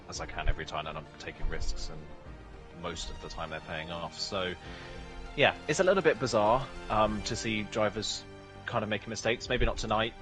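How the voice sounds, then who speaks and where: A man's voice: low voice, rough recording. A man in a post-race interview as the championship leader, talking casually and laughing between answers. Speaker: racing driver, championship leader.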